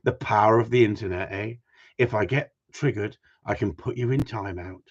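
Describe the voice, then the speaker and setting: A man with a fairly low, slightly breathy voice hosts a casual livestream at a moderate pace, joking and bantering with his chat and laughing often. The stream audio is dull and lo-fi.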